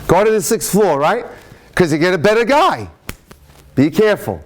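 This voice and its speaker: A rabbi lecturing to an audience in a room, his voice sitting a little high for a man. He tells jokes and stories in an animated way, rushing some phrases and stretching others for effect. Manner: animated storytelling, speeds up and slows down.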